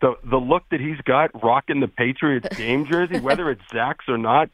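A man's voice: medium pitch, normal speed, fairly bright tone, no echo. A man with a Boston accent calling in to a radio show, joking and effusive over a phone line. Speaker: correspondent calling in. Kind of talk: casual radio banter.

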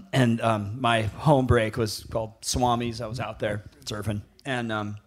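A man's voice: medium pitch, little pitch movement, measured pace. A man in his fifties, a former pro surfer, telling rambling stories in a profane, laughing way. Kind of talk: casual storytelling.

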